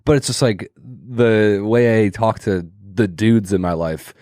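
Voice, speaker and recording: Man, podcast co-host, casual storytelling, low voice, laid-back, mumbly, swears, dry mic. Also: unhurried, darkish tone, dry recording.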